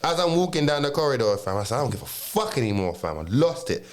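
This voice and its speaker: A young man, full of street slang, tells a story in a loose podcast chat. His voice is mid-pitched, and he pitches it well up whenever he acts out what others said. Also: quick pace. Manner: animated, swears a lot, acts out quotes in a raised voice. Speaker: podcast co-host.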